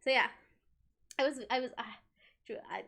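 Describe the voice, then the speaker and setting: A woman's voice: high voice, moderate pace, vocal fry. A young woman streaming live, telling school stories to her chat in a casual, giggly way, acting out quoted lines. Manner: giggly, animated, acts out quotes.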